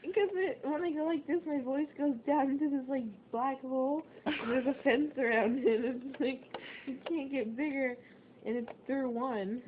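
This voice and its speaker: A woman's voice: sits high, steady tone, normal speed. A young woman rambling in a casual chat with a friend, often giggling and near tears. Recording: tinny lo-fi home video, faint hiss.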